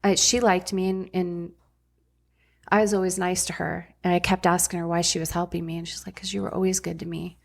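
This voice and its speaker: Middle-aged woman, podcast guest, low-ish flat delivery, blunt and candid, casual swearing. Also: brisk, creaky. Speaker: podcast guest, former ER nurse. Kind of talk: candid conversational storytelling.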